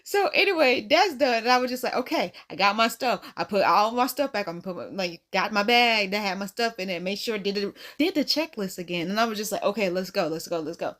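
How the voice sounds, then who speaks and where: A woman's voice: brisk, hardly any pauses. A woman in her thirties telling a casual storytime to camera, laughing often and acting out the people she quotes. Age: 30s. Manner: animated, laughing, acts out quotes in a higher voice. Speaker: vlogger.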